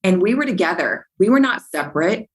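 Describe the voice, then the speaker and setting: Brisk and medium-pitched, a woman appears as a podcast guest on a rough recording. She animatedly tells stories, performing old conversations and repeating phrases for emphasis.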